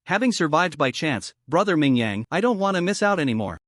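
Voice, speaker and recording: A man reading the lines of a shy young woman in love, in a soft, pleading way. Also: fairly high pitch, sing-song, a little fast, dry recording, studio quality.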